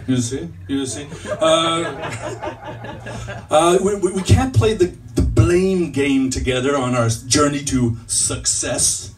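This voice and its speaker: A man's voice: a little high, measured pace, hardly any pauses, a little mellow. A man performing stand-up comedy as a fake motivational speaker, mock-earnest and stumbling over his own puns, on a comedy club stage. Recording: distant mic with faint room noise.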